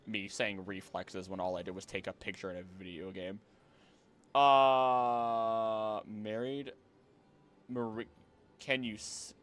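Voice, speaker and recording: Lively man streaming a game. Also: fairly low pitch. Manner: animated, rambling, quick reactive outbursts. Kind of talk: live gameplay commentary to chat. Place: home, seated at a computer.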